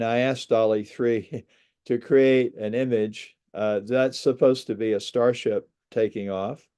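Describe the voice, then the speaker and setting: Slow, mellow-voiced man giving a talk. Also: medium pitch. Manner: measured, earnest, with pauses. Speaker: speaker on space migration. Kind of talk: reflective presentation talk. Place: lives outside a large US city.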